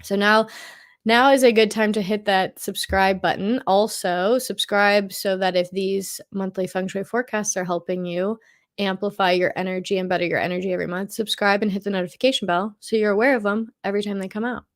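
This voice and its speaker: A chatty middle-aged woman walks through a monthly feng shui forecast over slides. She thinks aloud as she goes, circling back and repeating phrases while she searches for words, at an ordinary pitch. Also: fairly even intonation, fairly quick.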